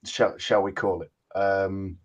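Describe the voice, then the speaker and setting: A man's voice: low-pitched, flat delivery, slow pace, dull audio. A man from the UK in a casual chat, scathing and mocking.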